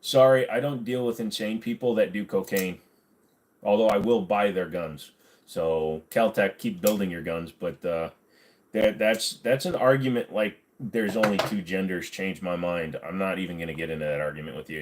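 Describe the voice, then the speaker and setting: A man's voice: low-pitched, moderate pace, noisy background. A man hosting a casual livestream, reading viewer comments aloud and answering them in a blunt, sarcastic way, swearing freely. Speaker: livestream host.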